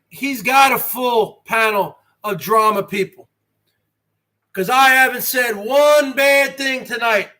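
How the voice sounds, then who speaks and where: A very high-pitched man with a bright, sharp voice holds forth on his live stream in slow, drawn-out phrases. He boasts with wrestling-promo bravado and keeps throwing rhetorical questions at his viewers. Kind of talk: rambling live-stream chat.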